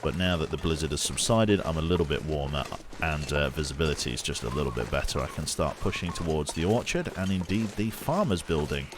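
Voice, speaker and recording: A young man from the Birmingham area with a plain English accent gives chatty, unhurried live-stream commentary, thanking viewers as he plays. His voice sits very low, yet his intonation moves up and down a lot. A faint hiss runs under the recording. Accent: English, non-regional. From Birmingham area, England. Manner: chatty, relaxed, thanks viewers between game narration.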